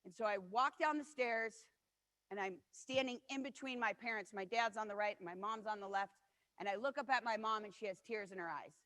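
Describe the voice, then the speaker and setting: A woman in her forties gives a motivational keynote, earnestly sharing personal stories and acting out what others said. Her mid-range voice is a bit bright and a little fast, with long hall reverb.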